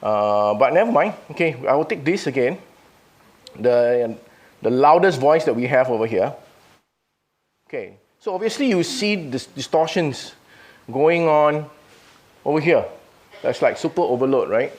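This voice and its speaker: A man's voice: medium pitch, lively intonation, measured pace, pauses often, a little mellow. A man running a live audio product demo. He thinks aloud, restarting his sentences as he works.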